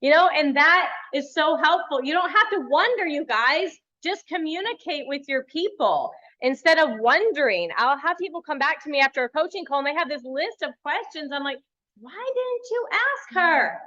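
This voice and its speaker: A young woman coaching a group in a high, bright voice. She talks bluntly and tells lively stories. The recording sounds a little dull and lo-fi. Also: moderate pace, hardly any pauses. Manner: blunt, animated storytelling. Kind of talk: casual workshop talk.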